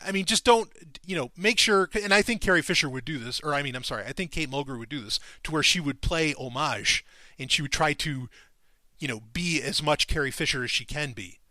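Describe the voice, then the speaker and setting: A man hosting a podcast, talking in a casual monologue, excitable and profane, his voice leaping up when he gets enthused. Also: fairly high pitch, a little fast, no room sound. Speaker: podcast host.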